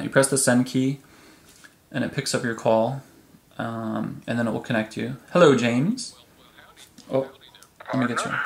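Chatty man demoing a phone app. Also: medium pitch. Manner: chatty, relaxed, frequent ums. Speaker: tech video host. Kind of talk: casual product demo. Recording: echoey room.

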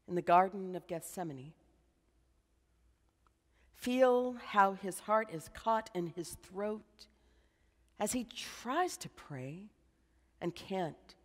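A woman preaching a sermon as a slow, dramatic guided meditation, dropping to a hush at times. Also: fairly low pitch, big-room sound. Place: church.

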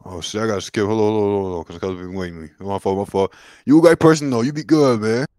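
A man's voice: lowish voice, fast talker, warm tone, no room sound, studio quality. A man from New York chatting loosely on a video call, slangy and joking. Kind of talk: casual video chat.

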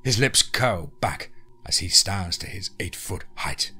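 A man hosting a podcast, narrating a horror story in a deliberate, hushed way. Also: low voice, lively intonation, slightly rough, soft background music.

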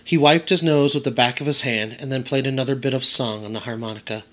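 A man's voice: medium pitch, fairly even intonation, quick pace, few pauses, fairly bright tone. A man, a teacher, narrating a children's audiobook aloud for his students.

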